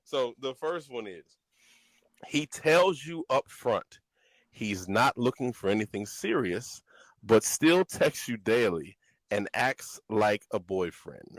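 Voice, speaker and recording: A man's voice: medium pitch, sing-song, slow, no room sound, poor audio. A man hosting a podcast in casual chat, playful as he leads a game of set scenarios. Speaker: podcast host.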